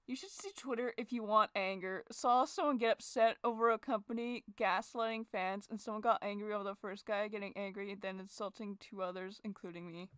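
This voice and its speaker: A young woman chatting casually while she draws, sarcastic, swearing freely, and jumping into shrill forced cheer. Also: brisk, few pauses, bright, forceful tone, smooth, dry recording, studio quality. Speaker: drawing vlogger. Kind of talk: casual chat while drawing.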